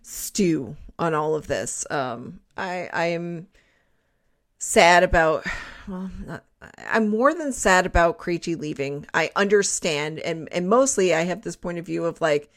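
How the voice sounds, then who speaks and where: A woman's voice: fairly low pitch, a little slow. Chatty woman in her forties. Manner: chatty, animated, laughing asides. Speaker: podcast co-host. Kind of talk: casual chat.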